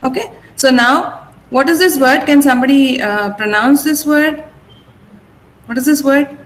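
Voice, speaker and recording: A woman teaching an online English vocabulary class, repeating words slowly and asking her pupils how to pronounce them. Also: sits high, a little hiss or hum, low-quality recording.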